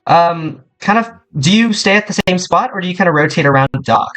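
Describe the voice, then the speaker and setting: A man's voice: high voice, animated, brisk, a bit bright. A young man narrating a tabletop game as game master, rambling with lots of fillers.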